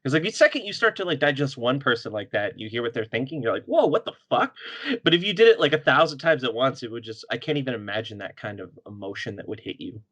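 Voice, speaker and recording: Bright, animated podcast guy. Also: mid-range voice, quick pace, hardly any pauses. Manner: animated, laughs often, acts out quotes. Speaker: podcast co-host. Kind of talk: casual comic book chat.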